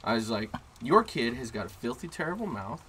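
A man's voice: medium pitch, big pitch swings, fairly quick, sharp tone, a little hiss or hum, low-quality recording. Brash, profane man telling a story. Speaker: podcast co-host. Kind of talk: casual storytelling chat. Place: inside a car.

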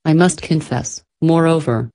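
Low-voiced woman reading an audiobook. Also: unhurried, dark tone. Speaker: audiobook narrator. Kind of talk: scripted narration.

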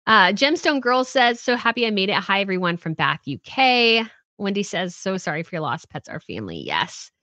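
A woman's voice: medium pitch, very animated, moderate pace, sharp tone, no echo. A woman in her thirties hosting a casual livestream, chatting in a rambling way and reading viewer comments aloud. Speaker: host reading live chat.

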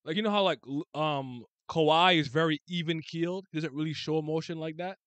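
A man hosting a casual sports chat, blunt and animated, swearing freely and restarting his sentences. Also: on the high side, brisk, smooth, no room sound.

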